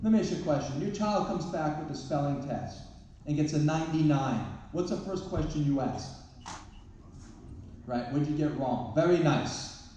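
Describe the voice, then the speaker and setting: A man's voice: on the high side, normal speed, noisy background. A man, a therapist and parenting speaker, giving a humorous live talk full of self-deprecating stories. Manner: storytelling with self-deprecating jokes. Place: large event hall. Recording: echoey hall, distant mic.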